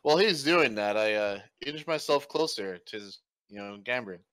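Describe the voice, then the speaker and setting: A man's voice: mid-range voice, lively intonation, normal speed, fairly bright tone, clean tone. A man at a tabletop game, heckling his friends and urging their dice rolls on. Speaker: player. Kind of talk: tabletop role-play banter.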